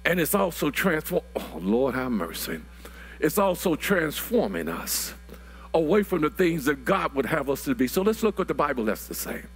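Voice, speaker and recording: High, lively-voiced preacher in his sixties. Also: breathy edge. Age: 60s. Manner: builds to shouted, drawn-out preaching, repeats words. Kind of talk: sermon.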